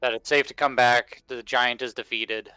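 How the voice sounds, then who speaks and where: A man's voice: medium pitch, fairly even intonation, normal speed, sharp tone, clean tone, no room sound, poor audio. A man playing a tabletop game, speaking hesitantly and thinking aloud with many fillers. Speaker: player.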